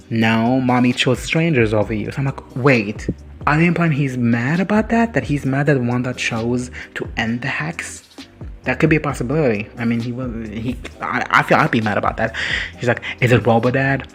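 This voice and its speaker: A man's voice: mid-range voice, a bit bright. A man casually recapping a show in a reaction video, rambling, swearing and laughing often.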